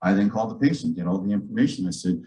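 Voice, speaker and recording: A man, a physician, telling a story to a church gathering in a lively, joking way, acting out the dialogue. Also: sits low, quick pace, poor audio. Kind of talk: storytelling talk to a church audience. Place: church auditorium.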